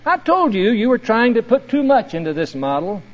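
A man doing a gently skeptical angel. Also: very high voice, very animated, normal speed, pitched above the performer's own voice, exaggerated voice. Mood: doubtful. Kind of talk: sermon. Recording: dull recording in a reverberant hall.

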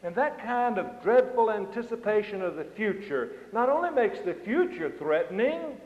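A man's voice: sits high, big pitch swings, moderate pace. An older man preaching a sermon, with an emphatic delivery that rises and falls. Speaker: pastor. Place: church sanctuary. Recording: roomy hall sound, muffled lo-fi.

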